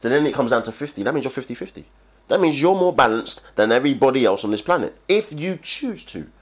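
A man's voice: medium pitch, sing-song, quick pace, breathy edge. A man, chatting animatedly on a podcast and acting out quoted voices. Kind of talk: casual chat.

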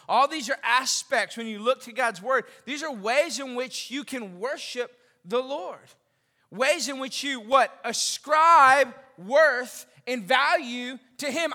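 A man preaching to his congregation in a chatty, animated way, slipping in jokes. His voice sits very high and sounds bright and sharp. The sound rings with the long reverb of a large church hall. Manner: animated and conversational, with joking asides. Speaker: pastor. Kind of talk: sermon. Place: large church during a service.

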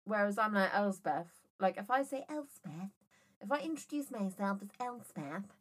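A woman's voice: mid-range voice, lively intonation, normal speed. A woman co-hosting a casual podcast chat, telling jokey stories with plenty of swearing. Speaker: podcast co-host.

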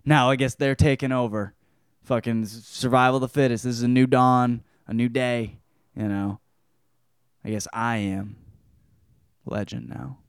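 A man's voice: mid-range voice, fairly even intonation, unhurried, long pauses, clear, resonant tone, no room sound, clean studio sound, voice pushed down, close to an everyday voice. A man voicing a crude, lonely male survivor of a vampire apocalypse, talking bluntly and crudely. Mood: resigned.

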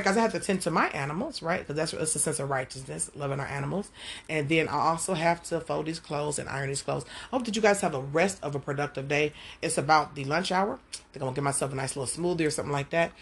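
A woman teaching a Bible passage at home in an animated, conversational way, talking straight to her listeners. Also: deep voice, slightly rough. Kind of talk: casual devotional teaching.

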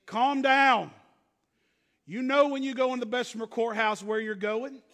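A man preaching a sermon as pastor, swinging from loud emphatic preaching to low, hushed asides. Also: moderate pace, big-room sound.

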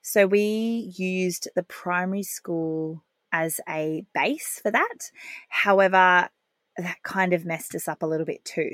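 A woman's voice: lowish voice, a bit bright, no echo. A woman, hosting a podcast and telling a candid, heartfelt personal story with the odd laugh. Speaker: parenting podcast host.

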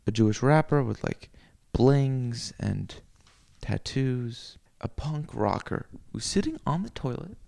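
A man rambling through a crude comic monologue, cursing freely and swinging into loud rants. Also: medium pitch, lively intonation, slow pace, gravelly.

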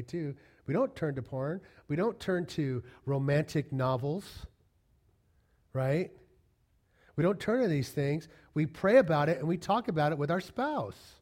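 A male pastor delivers a sermon in a casual, talky way. His voice sits a bit high for a man. He slips into quick acted-out lines of dialogue to make his points. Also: darkish tone. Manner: conversational preaching with acted-out quotes.

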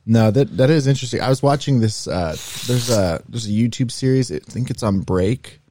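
A young man co-hosting a podcast, telling stories in a rambling, animated way. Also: mid-range voice, moderate pace, slight background noise. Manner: rambling, animated storytelling with demo voices. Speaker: podcast co-host. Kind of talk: casual chat.

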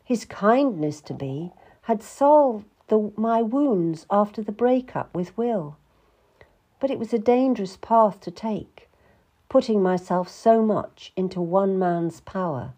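A woman narrating a first-person historical novel, measured and reflective in her delivery. Her voice sits at an ordinary middle pitch for a woman. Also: lively intonation, mellow. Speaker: audiobook narrator.

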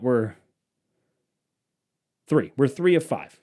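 A man's voice: mid-range voice, lively intonation, takes it slowly, mellow. A young man hosting a solo podcast, rambling casually with lots of swearing and self-mockery. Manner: rambling, profane, self-mocking. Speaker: podcast host.

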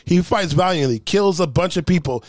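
Profane rambling man, fairly high voice. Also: expressive, moderate pace, dry recording. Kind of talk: casual podcast chat.

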